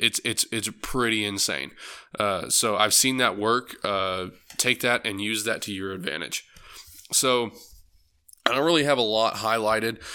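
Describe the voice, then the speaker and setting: A man's voice: lowish voice, pushed and bright, smooth. A man hosting a book club podcast, talking casually with rambling asides, frequent swearing and self-deprecating humor. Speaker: podcast host.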